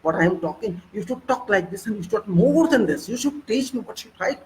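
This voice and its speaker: A man's voice: sits high, fairly quick, slight background noise, poor audio. A man with an Indian accent delivering an impassioned, ranting political monologue with heavy repetition. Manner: excitable, ranting, repetitive emphasis. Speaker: political commentator.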